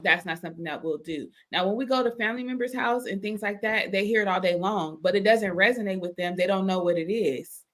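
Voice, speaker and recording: A woman's voice: mid-range voice, a little fast, hardly any pauses. Brief: woman co-host in a casual chat, mid-range voice, easygoing and talkative. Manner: relaxed, conversational, talks about her household.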